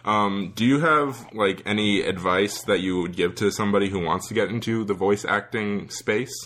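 A man's voice: lowish voice, normal speed, a bit bright. A man hosting a podcast, asking questions in an easygoing manner and encouraging the guest with short replies. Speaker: podcast host. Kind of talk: interview questions and brief backchannels.

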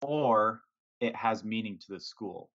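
A man with a low voice chats about sports on a podcast in a wry, laid-back way. He has a sarcastic edge. The recording sounds dull and lo-fi. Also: measured pace, a bit bright. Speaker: podcast co-host. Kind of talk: casual sports chat.

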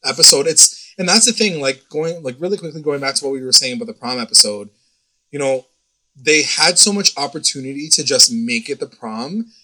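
Bright-voiced young man, casual rambling recap. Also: mid-range voice, fairly quick, rough recording. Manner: rambling, animated retelling with many fillers and quoted voices. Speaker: co-host recapping a TV episode. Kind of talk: casual chat.

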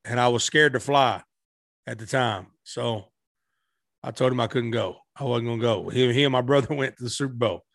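A man's voice: mid-range voice, moderate pace, gravelly, a bit bright, dry recording, studio quality. A middle-aged man telling stories as a guest musician in a casual interview, rambling with frequent restarts.

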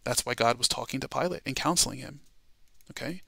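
Forceful, gravelly man teaching scripture. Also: medium pitch, fairly quick, no echo. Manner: emphatic, asks "all right?" and "okay?" often; swings from quiet asides to loud stressed words. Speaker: Bible study teacher. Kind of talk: preaching Bible study lesson.

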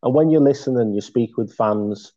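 A man's voice: medium pitch, normal speed, dark tone. A man interviewing a guest, asking questions hesitantly with many fillers and murmured agreement. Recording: slightly dull lo-fi audio.

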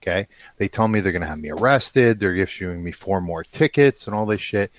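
A man with a deep, low voice tells a story in casual conversation. His manner is blunt and angry, and he swears in nearly every sentence. The sound is dry and close, with no room around it. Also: animated, a little fast, dry recording. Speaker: guest telling a story.

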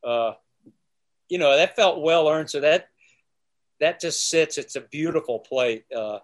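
A man's voice: fairly high pitch, unhurried. A man who is a podcast guest, telling stories in a casual conversation and acting out the people he quotes. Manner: animated storyteller who acts out quotes and sings snippets.

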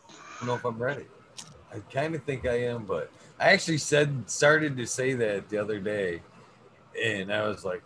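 A man's voice: mid-range voice, expressive, moderate pace. Middle-aged guy just shooting the breeze on a podcast, swears a ton, laughs a lot, noisy background. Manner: laid-back, swears a lot, laughs often. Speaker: podcast co-host. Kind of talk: casual chat. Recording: noisy room ambience.

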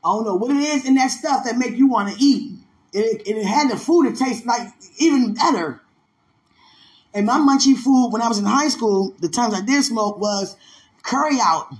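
High-pitched dc guy on a stream, laughy, animated, drops into little voices. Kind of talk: casual storytelling chat.

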